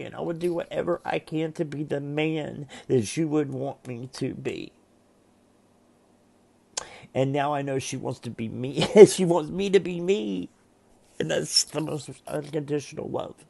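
A man who reads tarot, talking to camera at home in a heartfelt, halting way with many restarts and pauses. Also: medium pitch, gravelly, dark tone. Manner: halting and emotional, with frequent restarts. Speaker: tarot reader and vlogger. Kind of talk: casual heartfelt monologue to camera. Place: at home, seated in a chair.

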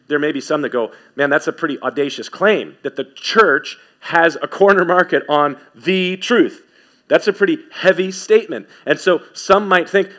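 A man preaching a sermon as pastor, emphatic, repeating key phrases and swinging from quick asides to slow, stressed words. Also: fairly high pitch, a bit bright.

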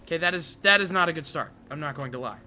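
Bright-voiced excitable gamer guy. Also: fairly high pitch, fast, soft background music. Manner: excitable, casual gamer slang. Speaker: gaming content creator. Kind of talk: gameplay commentary.

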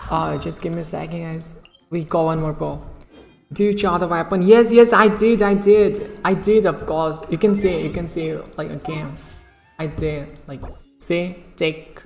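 Excitable woman streamer in an echoey room. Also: a little slow, creaky, soft background music. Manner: chatty, repeats "okay" and "bro", bursts into high excited shrieks. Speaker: game streamer. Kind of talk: casual live-stream chat while pulling in a gacha game.

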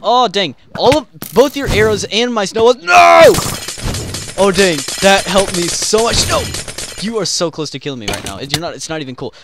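A man giving excitable gameplay commentary, yelping and trash-talking the other players. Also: sits high, moderate pace, noisy background. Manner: excitable, yelps and trash-talks opponents. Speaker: gaming channel host.

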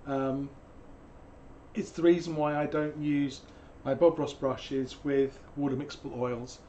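A hoarse man, teaching painting on a live stream in a chatty, digressive way with jokey asides. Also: mid-range voice, steady tone, a little slow, mellow, muffled recording, a little hiss or hum. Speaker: painting instructor.

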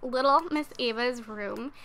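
A woman's voice: fairly high pitch, measured pace, pushed and bright. A young woman giving casual, chatty commentary while she plays a life-sim game, using lots of fillers. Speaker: let's play host.

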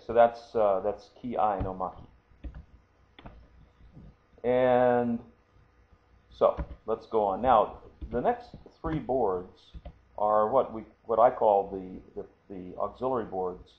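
A man's voice: fairly low pitch, takes it slowly, long pauses. A man teaching a lesson, explaining patiently and often checking in with the listener. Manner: patient, explanatory, frequent "okay?" check-ins. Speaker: martial arts instructor. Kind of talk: screen-recorded lesson. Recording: tinny phone-like audio, faint hiss.

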